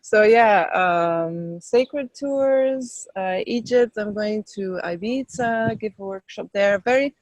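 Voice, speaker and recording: A woman's voice: medium pitch, slow, few pauses, no echo, rough recording. A woman spiritual teacher talking enthusiastically about her tours and workshops in a casual interview, with lots of fillers, outdoors in the wind. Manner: enthusiastic, chatty, with many fillers. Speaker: spiritual teacher and tour leader, guest.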